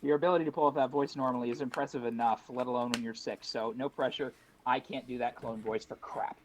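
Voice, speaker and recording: A man playing in an online tabletop role-playing game, talkative and quick as he recaps the story. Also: medium pitch, steady tone, a crowd in the background. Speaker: player. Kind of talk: casual tabletop game chat.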